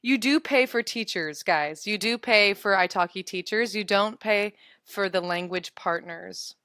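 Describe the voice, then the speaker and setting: Young woman in her twenties, chatty webinar teacher, giggly, smooth dry close-mic sound. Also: medium pitch, unhurried, fairly bright tone, no echo. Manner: chatty, giggly, answers viewer comments. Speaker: English teacher. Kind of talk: casual live webinar chat.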